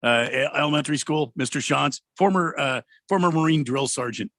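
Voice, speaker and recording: A man co-hosts sports radio and drops in quick jokes. His voice is gravelly but bright. The close mic sounds dry, with no echo. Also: fairly high pitch. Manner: quick joking interjections. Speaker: radio show co-host. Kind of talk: casual sports radio banter. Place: radio studio. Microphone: close studio mic.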